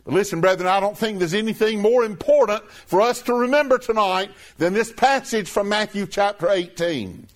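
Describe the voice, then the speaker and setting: A man preaching a sermon, emphatic and deliberate, repeating phrases as his voice swells and drops. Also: slight background noise. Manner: emphatic, repeating phrases with rising and falling pitch.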